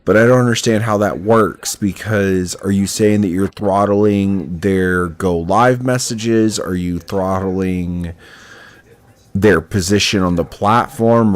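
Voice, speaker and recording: A man's voice: fairly low pitch, a little slow. Blunt, swearing young male streamer. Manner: blunt, swears freely, restarts sentences. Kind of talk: casual live-stream chat while coding.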